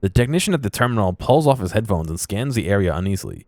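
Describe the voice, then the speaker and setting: A man's voice: on the low side, big pitch swings, fast, darkish tone, no echo, clean studio sound. A man playing through a video game, reading its text aloud with casual, muttered asides. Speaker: let's play host.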